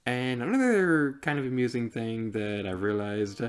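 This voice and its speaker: A man's voice: medium pitch, normal speed, clean tone. A young man with a slight lisp, chatting casually while commentating a game he plays. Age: young adult. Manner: chatty and rambling, heavy use of "like". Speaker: let's player.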